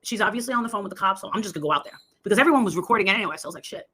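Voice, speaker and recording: Her mid-range voice is expressive, rapid-fire, pushed and bright, with a slight roughness. This livestream host rambles casually through a long story, performing the voices of the characters she quotes.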